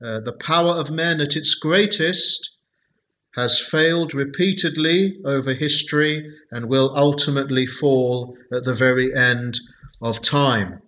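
A man leading a Bible study, speaking slowly and deliberately with many hesitant fillers. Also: medium pitch, pushed and bright, rough recording.

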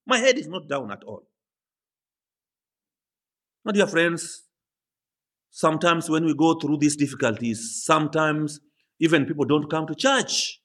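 Male preacher, fairly high voice, very animated pitch, impassioned sermon delivery with drawn-out emphasis. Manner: impassioned, rising to high emphatic peaks on quoted words; slow, drawn-out emphasis on key phrases.

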